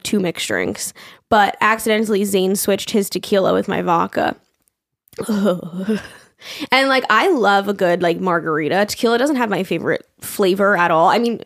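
A young woman talks casually as a podcast co-host, her pitch sitting in the middle range. She rambles through a story, filling it with "like" and laughing often. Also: no room sound, clean studio sound. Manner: chatty, laughs often, lots of "like". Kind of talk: casual chat.

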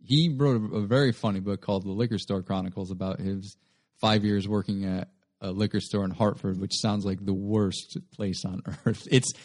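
A man, a comedian and singer-songwriter, telling stories animatedly in a casual chat. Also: on the low side. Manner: animated storytelling, quick bursts.

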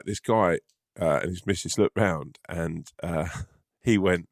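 Male comedian co-host, low voice, animated and profane, dry studio sound. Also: normal speed, gravelly, dry recording. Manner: sweary, animated storyteller. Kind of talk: casual chat.

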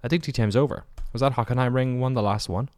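A man's voice: medium pitch, steady tone, quick pace, a little mellow, no echo, studio quality. A man hosting a solo podcast. He rambles off the cuff, swears casually and keeps correcting himself. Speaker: podcast host.

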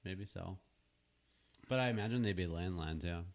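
Deep-voiced man, matter-of-fact. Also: moderate pace. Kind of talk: casual chat.

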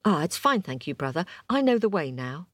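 A wise, patient blind man who speaks gently and calmly, played by a woman telling the tale. The voice moves up and down. It sits close and dry. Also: on the low side, fairly quick, no room sound. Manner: gentle, pleading, calm.

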